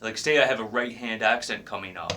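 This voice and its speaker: A man giving a casual drum lesson, explaining technique in a relaxed way and counting beats aloud. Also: lowish voice, brisk. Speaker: drum teacher. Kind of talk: casual instructional talk. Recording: drums clearly heard behind the voice. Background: drum playing.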